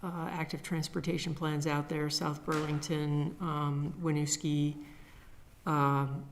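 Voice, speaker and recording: A woman who is a town planner giving a halting update at a public meeting. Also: sits low, little pitch movement, slight background noise. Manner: hesitant, many fillers.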